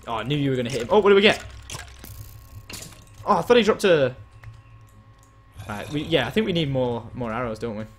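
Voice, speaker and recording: A man giving excitable live gameplay commentary as a game streamer, chatting with and thanking his viewers. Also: mid-range voice, fast talker, long pauses, slight background noise.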